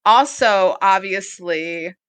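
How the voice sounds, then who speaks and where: A woman's voice: mid-range voice, slow, fairly bright tone, clear, resonant tone, no echo. A woman co-hosting a casual podcast, chatty and laughing often as she plans upcoming episodes. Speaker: podcast co-host. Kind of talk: casual chat.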